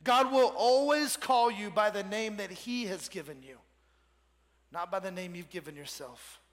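A male pastor with a high, bright voice preaches with energy. He leads the congregation in call-and-response. His voice carries a long hall reverb. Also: normal speed. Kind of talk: sermon.

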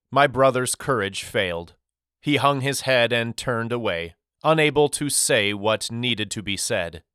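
A man reading a novel aloud as an audiobook narrator, in calm, even storytelling. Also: medium pitch, smooth, no room sound, studio quality.

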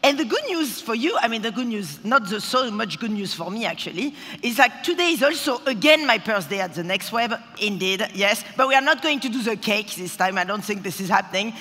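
A woman's voice: a little high, lively intonation, a little fast, few pauses, sharp tone. A woman, giving a playful, chatty talk from a conference stage and teasing the audience. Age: 30s. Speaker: conference speaker. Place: conference stage in a large hall. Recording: hall reverb from a large venue.

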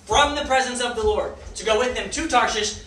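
Man preacher, high and bright voice, animated delivery full of questions to the crowd, echoey hall. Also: fairly quick. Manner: animated, asks the audience questions. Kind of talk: sermon. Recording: echoey room.

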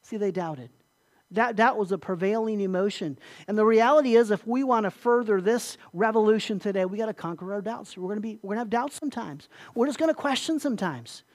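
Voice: mid-range voice, brisk. Emphatic pastor preaching a sermon. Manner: emphatic, repeats words, asks listeners questions.

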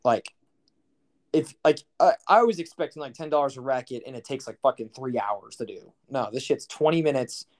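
A young man chats on his podcast at an ordinary pitch for a man. He rambles through stories, swearing freely and sounding amazed. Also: moderate pace. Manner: rambling, profane, incredulous storytelling. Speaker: podcast co-host. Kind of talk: casual chat.

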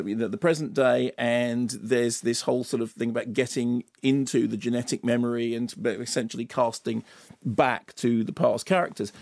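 A man's voice: mid-range voice, vocal fry, a little mellow, dry recording. A man, a film critic, talking through a movie review on a radio show in a studio, rambling from point to point with many restarts and asides. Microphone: studio microphone.

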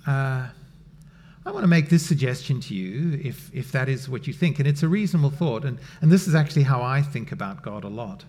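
A middle-aged man preaching a sermon in a conversational way, swinging from loud emphasis to a near-whisper. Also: mid-range voice, expressive, fairly quick, a little hiss or hum. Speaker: pastor.

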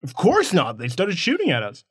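A player speaking in character in a tabletop game, excitable and defensive, with some swearing. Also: medium pitch, normal speed, slightly rough, no room sound, studio quality.

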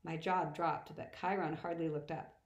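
A woman narrating a novel in the first person with plain, even storytelling, recorded in an echoey room. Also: low voice, normal speed, muffled recording. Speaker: audiobook reader.

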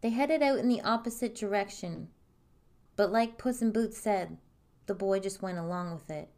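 A woman reading a fairy tale aloud in a calm, even storytelling manner. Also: medium pitch, normal speed.

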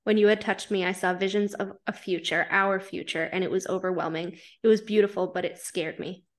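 A woman reading aloud the lines of a shy, tender young woman from a fanfiction story, in soft, earnest dialogue. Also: medium pitch, steady tone, brisk, close to an everyday voice.

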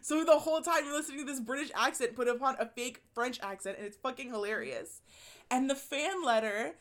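A woman's voice: high-pitched, fairly quick, a bit bright. A woman in casual podcast chat, talking animatedly, laughing often and swearing as she raves about a book.

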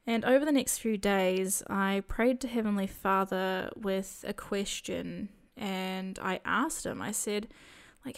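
A woman telling a personal faith testimony in a soft, reflective storytelling manner. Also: mid-range voice, fairly even intonation, slow, few pauses, clean tone. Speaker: storyteller sharing a spiritual experience.

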